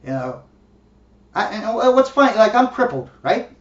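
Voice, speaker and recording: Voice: mid-range voice, very animated, moderate pace. Blunt profane ranter in a roomy, distant recording. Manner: blunt, profane, mocking, laughs often. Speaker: vlogger. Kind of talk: ranting monologue. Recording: distant, roomy, dull lo-fi sound.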